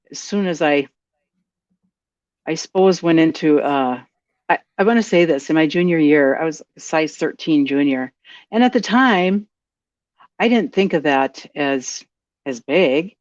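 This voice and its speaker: A woman's voice: sits low, lively intonation, measured pace, no room sound. A woman with a Minnesotan accent chats as a podcast guest, friendly and easygoing, often restarting her sentences. Her voice comes through dry and a little dull, the way remote interview audio often does. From Minnesota, USA. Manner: friendly, chatty, with frequent fillers and restarts. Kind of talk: casual interview chat.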